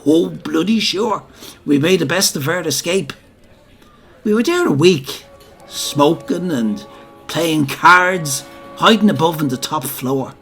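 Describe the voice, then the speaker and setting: With faint music in the background, an actor in a theatrical comic monologue plays an older Dublin man spinning a rambling, boastful pub story full of colloquial asides to his listeners. His voice is a little high and a bit bright, and he takes his time.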